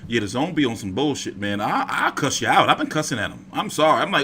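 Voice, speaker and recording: Talking fast in a mid-range voice, a man streams casual boxing chat from his home. The profanity flows freely as he rambles animatedly, and a little hiss or hum runs under the recording.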